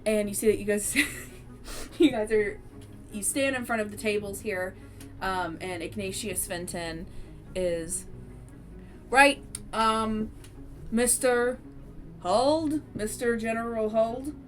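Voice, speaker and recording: A woman's voice: mid-range voice, slow pace, long pauses, faint music behind. Giggly woman running a tabletop game. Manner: giggly, bursts of laughter. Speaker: game master.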